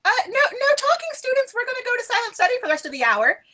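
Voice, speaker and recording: A woman's voice: very animated, fast talker, bright, forceful tone, full character voice. Woman putting on a ditzy, airheaded professor lady. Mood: flustered. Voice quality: high, airheaded. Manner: sweetly chirpy, brushing off trouble. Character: ditzy high-voiced female divination professor.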